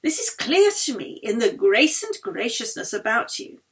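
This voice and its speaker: A snobbish upper-class older lady who gushes pompously about her ideas, read aloud by a woman. The voice sits fairly high and comes out eager and loud. It is a storybook reading. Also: very animated, moderate pace. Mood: enthusing. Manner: enthusing, pompous.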